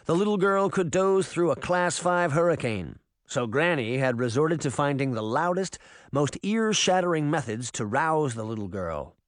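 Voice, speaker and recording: A man reading an audiobook in expressive storytelling narration. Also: on the high side, moderate pace, no echo, studio quality. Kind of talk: scripted narration.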